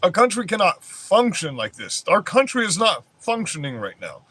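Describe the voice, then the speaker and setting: A man's voice: high voice, huge pitch swings, normal speed, fairly bright tone, slightly rough. A man ranting on his vlog in a heated, rambling way, swearing constantly. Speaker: vlogger. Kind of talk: profane political rant.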